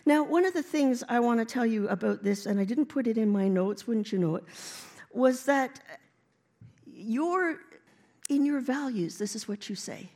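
A woman's voice: fairly high pitch, animated, normal speed, dark tone. A woman preaching a sermon in a church, building to emphatic declarations. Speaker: guest preacher. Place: church sanctuary.

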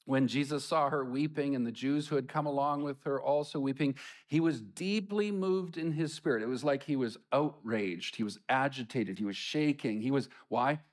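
A man preaching a sermon, reading scripture and explaining it to his congregation in an animated way. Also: mid-range voice, moderate pace, hardly any pauses. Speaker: pastor.

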